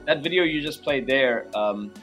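A man's voice: medium pitch, lively intonation, normal speed, a bit bright, soft background music. A man, a game developer guest, chatting casually and rambling, with many fillers and restarts. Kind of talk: casual chat.

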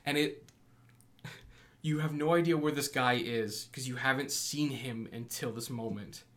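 Young guy on a podcast, laughs a lot, acts out the story, normal pitch. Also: normal speed. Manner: animated storyteller, acts out quotes, laughs often. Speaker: podcast co-host. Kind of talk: casual chat.

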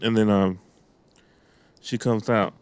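A man's voice: lowish voice, fairly even intonation, takes it slowly, clean tone. A man co-hosting a podcast, telling a long casual story full of fillers. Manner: rambling, filler-heavy storytelling with lots of "like". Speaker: podcast co-host. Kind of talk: casual chat.

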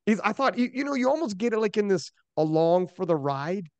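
High-voiced man, animated and loose. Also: fairly quick, dry recording. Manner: animated storyteller, loose and profane. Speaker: podcast host. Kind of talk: casual chat.

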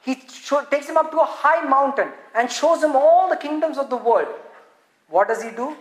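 A woman preaching a sermon, animated and full of rhetorical questions, swinging from loud, excited stretches to quiet ones. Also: sits high, normal speed, echoey room, rough recording.

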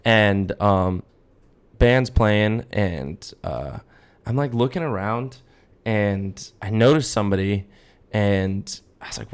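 A man's voice: fairly low pitch, expressive, slow pace, clean tone. A young man co-hosting a podcast, telling a rambling story in casual chat with many fillers. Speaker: podcast co-host.

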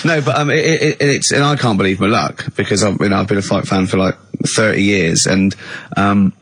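Husky English man, 40s, radio host. Bumbling anecdotes, dry studio sound. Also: fairly quick, fairly bright tone, no room sound. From England. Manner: bumbling storyteller, breaks into high laughs. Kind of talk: casual radio banter.

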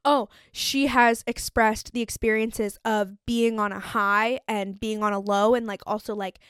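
A woman's voice: fairly high pitch, steady tone, unhurried, fairly bright tone, smooth, no echo, studio quality. A young woman hosting her own solo podcast, talking casually and filling her speech with "like" as she acts out her own thoughts. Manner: chatty, lots of "like" fillers, acts out her own inner voice. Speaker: podcast host.

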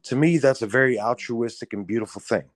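A man's voice: medium pitch, a little fast, dry recording. A man co-hosting a podcast, ranting bluntly and profanely in casual chat. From United States. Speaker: podcast co-host.

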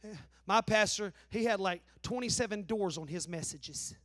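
A man's voice: high voice, normal speed, fairly bright tone, no room sound, clean studio sound. A man, preaching a sermon in a folksy, joking storytelling way. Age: 40s. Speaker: pastor. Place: church.

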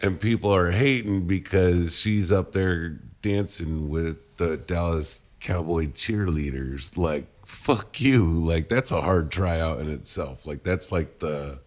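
A man's voice: sits low, takes it slowly, hardly any pauses. A man co-hosting a podcast, chatting loosely, swearing often and laughing as he tells stories. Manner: loose, profane, laughing storyteller. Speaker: podcast co-host. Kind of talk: casual chat.

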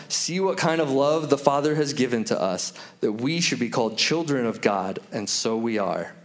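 A man in his thirties preaching a sermon to his church, telling stories and slowing down to repeat key lines for emphasis. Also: mid-range voice. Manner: storytelling with slow, emphatic repetitions. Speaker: pastor.

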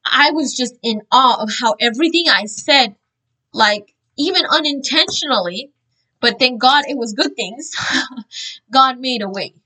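A woman earnestly sharing a religious testimony, telling her story in an animated, informal way with frequent fillers and restarts. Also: high-pitched, unhurried, rough recording.

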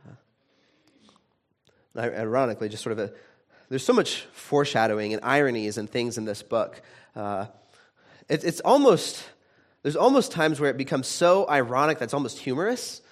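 A man preaching a sermon in a conversational way, with frequent restarts, who grows animated when he retells a story. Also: mid-range voice, moderate pace, long pauses. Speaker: pastor.

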